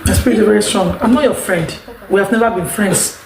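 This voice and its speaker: A Nigerian woman speaks to her viewers in an unscripted monologue, pressing each point and circling back to repeat herself. Her voice sits at an ordinary middle pitch for a woman, and the room around her adds a noticeable echo. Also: fairly quick, gravelly, a crowd in the background. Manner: emphatic, rambling, repeats herself. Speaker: vlogger. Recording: echoey room.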